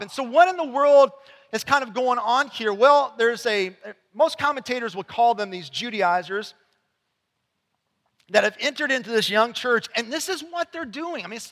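A man preaching in a high, bright voice that cuts through the space. He talks conversationally, sliding from quiet asides into loud, emphatic lines. The sound rings out with a long reverb from the church hall around him. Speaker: pastor. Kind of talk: sermon. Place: church sanctuary.

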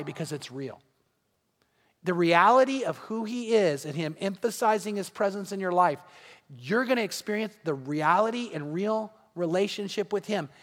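A pastor preaching with real fervor, his voice sitting high for a man. He leans into emphatic points and throws rhetorical questions out to the congregation. The sound rings with the long reverb of a large church hall. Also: a bit bright. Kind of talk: sermon.

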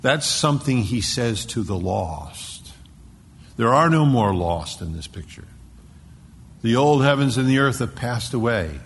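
A man preaching an expository sermon, dropping to a hushed whisper for emphasis and digressing into word study. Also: mid-range voice, lively intonation, unhurried, husky. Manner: dramatic drops to a hushed whisper. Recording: long echo in a large hall.

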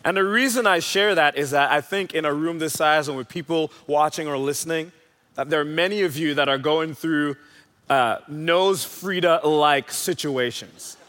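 A man's voice: fairly high pitch, normal speed, fairly bright tone. A young man preaching a sermon in a large church hall, telling stories in a conversational, playful way. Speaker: pastor. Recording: hall reverb.

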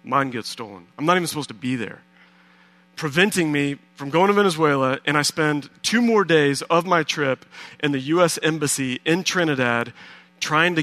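A pastor preaching a sermon through a lively personal story, acting out his own reactions. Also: fairly high pitch, no echo.

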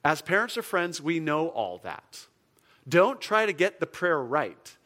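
A man preaching a sermon in a casual, conversational way, full of fillers and restarts and jumping up for emphasis. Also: measured pace. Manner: animated, jumps up in pitch and volume for emphasis. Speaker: pastor.

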